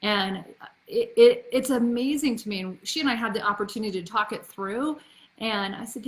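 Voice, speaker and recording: A woman's voice: fairly high pitch, moderate pace, echoey room. A woman in her forties giving earnest, conversational parenting advice as a coach, with frequent restarts and fillers. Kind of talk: casual advice talk to camera.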